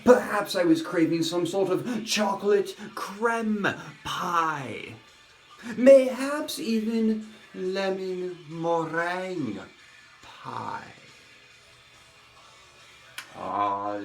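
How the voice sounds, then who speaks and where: A man voicing an eccentric, melodramatic older woman who rambles theatrically, swinging between loud outbursts and hushed asides. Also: on the high side. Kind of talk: comic character monologue. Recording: roomy echo with faint music.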